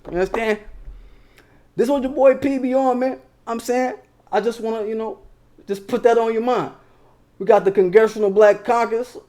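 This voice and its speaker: High-voiced man ranting on his channel. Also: darkish tone. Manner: heated, slangy and profane, talks straight to viewers. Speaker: political commentary channel host. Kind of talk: casual political commentary.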